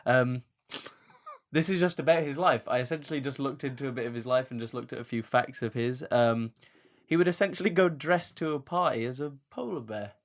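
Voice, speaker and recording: A man's voice: medium pitch, fast. A man co-hosting a casual comedy podcast, reading out facts with lots of fillers and frequent laughter. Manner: laughs often, rambling with fillers. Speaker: podcast co-host.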